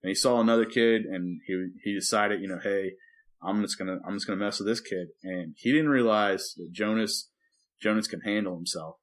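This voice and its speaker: A man with a lowish voice talks briskly while co-hosting a podcast. A preacher, he tells a story in casual chat, animatedly acting out the quotes and singing movie lines.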